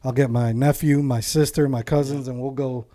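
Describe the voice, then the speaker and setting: A man in a casual chat, easygoing, thinking out loud as he lays out plans. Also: mid-range voice, steady tone, moderate pace.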